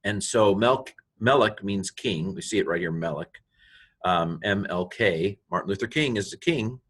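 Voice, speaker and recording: A man's voice: sits low, expressive, moderate pace, fairly bright tone, slightly rough. An older man giving a recorded Hebrew grammar lesson, rambling and joking at himself, with many fillers and restarts. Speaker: Bible and Hebrew teacher.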